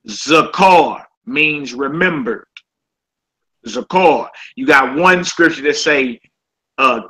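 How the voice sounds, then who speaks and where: A man's voice: a little high, takes it slowly, sharp tone, slightly rough, rough recording. A man teaching a casual Hebrew vocabulary class. He often checks in with "all right?" and repeats each word.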